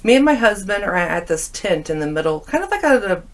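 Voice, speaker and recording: A woman's voice: mid-range voice, a little fast. A woman guest in casual conversation, telling stories animatedly and acting out what people said. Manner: animated storyteller, acting out quoted lines. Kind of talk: casual chat.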